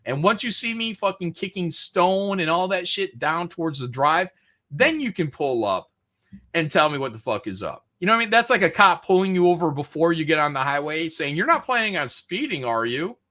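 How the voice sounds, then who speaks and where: Profane ranting man, bright lively voice. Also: on the high side, a little fast. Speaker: podcast host. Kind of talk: casual rant on a podcast.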